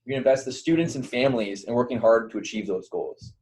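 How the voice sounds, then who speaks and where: A man's voice: mid-range voice, fast talker, a little mellow, poor audio. A young man giving a casual online training to volunteer mentors, loose and conversational, with lots of fillers and restarts. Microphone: computer mic on a virtual call.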